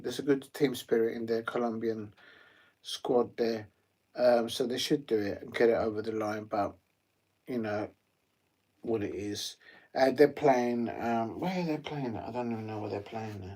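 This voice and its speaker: Brief: male streamer, chatty watch-along commentary, loose and rambling, average pitch. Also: a little mellow. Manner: chatty, rambling, many ums and uhs. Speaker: live stream host. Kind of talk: casual live football watch-along commentary.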